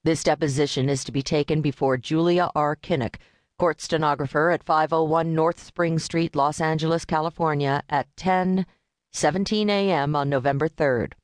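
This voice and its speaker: A formal court stenographer, as a woman reader gives her lines, close to the narrator's own voice. Procedural and even, recorded dry and close. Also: low voice, moderate pace, dry recording, lightly acted.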